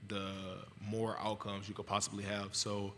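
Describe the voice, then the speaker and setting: A young man from Louisiana answers press conference questions in a low, flat, calm voice, pausing with fillers and restarts. The sound carries the long reverb of a large hall with faint background noise. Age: 20s. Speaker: college football player at press conference.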